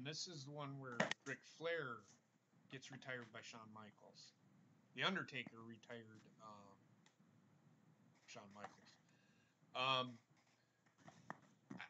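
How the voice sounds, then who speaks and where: Man hosting a chat show, bright forceful voice, blunt and profane, slightly dull sound, faint hiss. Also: fairly high pitch. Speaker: podcast host. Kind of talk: casual wrestling podcast chat.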